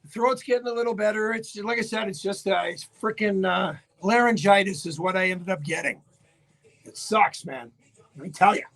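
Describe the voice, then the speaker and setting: A man with a Newfoundland accent hosting a live radio show, hoarse and raspy from laryngitis, chatting casually and greeting viewers by name. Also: high voice, moderate pace, fairly bright tone. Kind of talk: casual live-stream chat. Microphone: webcam setup for live video.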